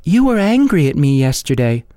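A man voicing a coy young woman in love in a read-aloud story, speaking in a raised, bright tone. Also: on the high side, very animated, moderate pace, dry recording, studio quality, pitched above the performer's own voice. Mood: pouty. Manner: lifted, bright pleading tone.

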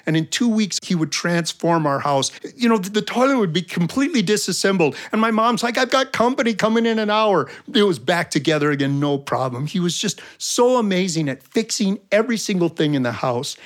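A man with a somewhat high voice, telling warm-hearted family stories in a folksy, reflective way. His comic timing lands the punchlines. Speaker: storyteller and guest. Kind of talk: storytelling for an audience.

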